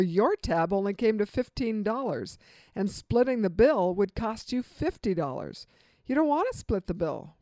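A woman's voice: medium pitch, darkish tone, dry recording. A woman giving an instructional talk on communication, quizzing the listener with multiple-choice examples and a light touch of humor.

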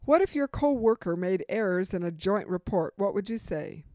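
A woman's voice: medium pitch, expressive, moderate pace, warm tone, no echo. A woman giving an instructional talk on communication, quizzing the listener with multiple-choice examples and a light touch of humor.

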